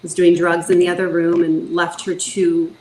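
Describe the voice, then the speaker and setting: Guest, woman, 40s, from Northern California; earnest, halting storyteller, roomy echo, faint background. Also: lowish voice, level tone, a little mellow, slight background noise. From Northern California, USA. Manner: earnest storytelling, many fillers and restarts. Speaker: foster parent guest. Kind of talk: casual podcast interview.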